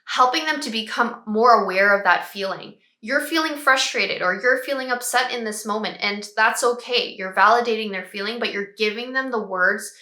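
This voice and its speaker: Woman coaching parents, calm and explaining, kinda high bright voice, echoey room. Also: normal speed, hardly any pauses. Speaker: child behavior expert. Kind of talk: parenting advice talk.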